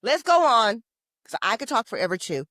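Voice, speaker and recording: A woman co-hosting a fan podcast in casual, opinionated chat, her voice jumping up and getting louder when she gets excited. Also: a little high, moderate pace, no echo. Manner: animated, opinionated, bursts of loudness. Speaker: podcast co-host.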